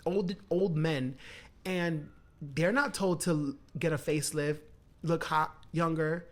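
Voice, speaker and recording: A woman's voice: low-pitched, slow pace. A woman co-hosting a podcast, chatting casually with lots of slang and frequent laughter. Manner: animated, slangy, laughs often. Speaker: podcast co-host. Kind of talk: casual chat.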